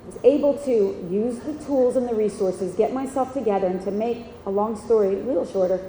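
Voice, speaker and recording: A woman's voice: mid-range voice, fairly quick, mellow, reverberant, big-room sound, a little hiss or hum, rough recording. A woman giving a keynote speech at an outdoor event, telling a personal story in earnest, emotional, fragmented phrases. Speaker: keynote speaker. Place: outdoor event at a horse park.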